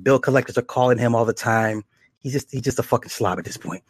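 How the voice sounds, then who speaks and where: A man casually retelling horror episodes, slipping into quick acted quotes and chuckles. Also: mid-range voice, slightly rough, no room sound. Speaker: show reviewer.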